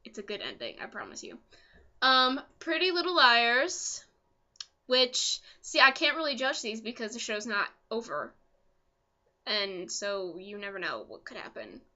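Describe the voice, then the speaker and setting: A young woman vlogger chatting casually as an excitable fan, full of ums and asides. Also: fairly high pitch, measured pace, dull audio. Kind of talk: casual chat.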